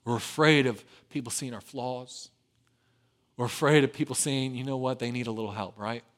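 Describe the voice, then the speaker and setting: A man preaching a sermon in an animated way, acting out quoted voices and swinging from quiet, drawn-out lines to loud, emphatic ones. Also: mid-range voice. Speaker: pastor.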